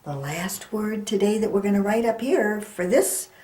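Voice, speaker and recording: A middle-aged woman teaching a children's phonics lesson, prompting in a slow, sing-song, teacherly way. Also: mid-range voice, expressive, warm tone, reverberant. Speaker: reading teacher.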